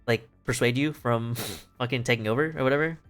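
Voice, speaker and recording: A man's voice: medium pitch, fairly quick, a bit bright, faint music behind, lightly acted. A man voicing a jealous rival general who schemes and sneers casually. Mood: scheming.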